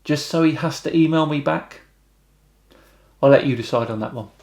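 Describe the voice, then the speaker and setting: A British man hosting a YouTube channel, reading out viewer comments and answering them with wry, deadpan remarks. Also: on the high side, moderate pace, gravelly. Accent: British English. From Britain.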